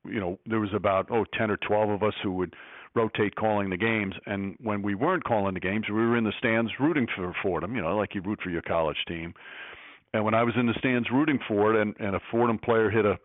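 A man's voice: on the low side, steady tone, brisk, dry recording. A man who works as a sports broadcaster telling stories in a reflective way as an interview guest. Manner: reflective, storytelling. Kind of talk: casual interview. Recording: tinny phone-like line.

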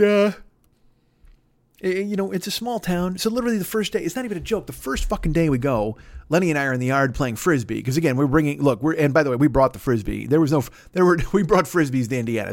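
A man in his fifties from the Chicago area rambles through a comic monologue, swearing freely and mocking himself. His voice sits a little high for a man. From Chicago area, USA. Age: 50s. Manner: profane, rambling, self-mocking rants. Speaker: podcast host. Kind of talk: solo comedic monologue.

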